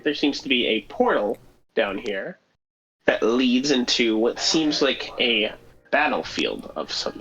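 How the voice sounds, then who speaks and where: A lively game master narrating a tabletop game. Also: medium pitch, rough recording. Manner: lively, chatty narration with fillers.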